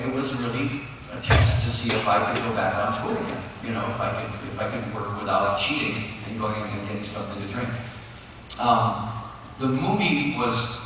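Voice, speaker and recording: A man in his sixties, a rock musician, telling animated, laughing anecdotes to an audience at a fan convention Q&A. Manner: animated, laughing, jumps into high voices for quotes. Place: large convention hall. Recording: distant echoey hall recording with noise.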